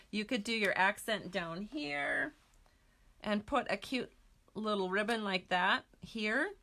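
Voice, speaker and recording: A woman leads a friendly stamping tutorial, chatting to her audience as she works through each step. Her voice is bright and forward, and she talks in an easy, conversational way. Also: mid-range voice. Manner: chatty, talks to viewers while working. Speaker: stamping craft demonstrator. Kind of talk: casual craft tutorial.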